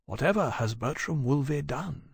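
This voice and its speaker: A calm, observant male companion, as a narrator puts him on, quiet and dry in an audiobook. The recording is close with no echo. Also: medium pitch, normal speed, gravelly, husky, pitched above the performer's own voice, heavily acted.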